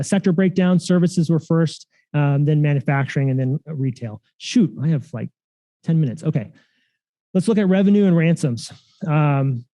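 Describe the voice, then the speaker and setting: A man's voice: fairly high pitch, mellow. A man giving a security conference talk, casual and full of fillers and restarts. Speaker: conference speaker. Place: conference room.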